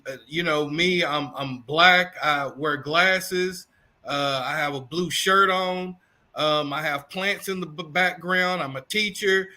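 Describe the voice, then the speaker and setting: A man from Kentucky with a Southern accent, a guest teacher answering in a measured, thoughtful way on a video call. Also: a little high, sharp tone. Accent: Southern American. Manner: measured, thoughtful, many fillers. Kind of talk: interview answers.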